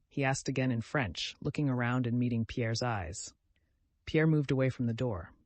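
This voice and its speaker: A man's voice: medium pitch, dry recording. Man narrating an audiobook, dry sound. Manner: steady, measured storytelling. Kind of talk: scripted narration.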